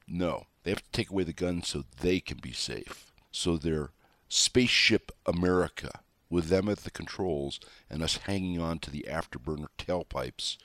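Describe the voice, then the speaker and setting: A man's voice: low voice, expressive, normal speed, fairly bright tone, no room sound. A middle-aged man delivering an emphatic, scornful political opinion monologue, full of rhetorical questions. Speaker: political commentator.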